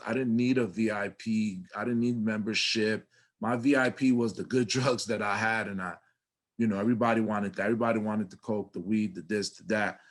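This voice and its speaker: Middle-aged man, New York accent, lively swearing storyteller, casual interview guest. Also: lowish voice. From New York City. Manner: animated, swears freely, acts out his younger self.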